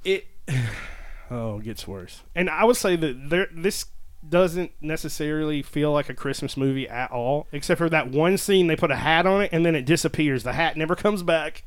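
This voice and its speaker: A man with a somewhat high voice talks through a horror movie in a loose, profane way. He sounds like a podcast co-host riffing with friends over a casual review. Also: normal speed.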